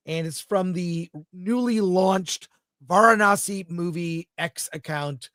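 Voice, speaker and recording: A man's voice: high-pitched, slow pace, fairly bright tone, no room sound, studio quality. Chatty enthusiastic man co-hosting a film show. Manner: chatty, enthusiastic, describes images aloud. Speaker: podcast co-host. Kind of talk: casual film chat.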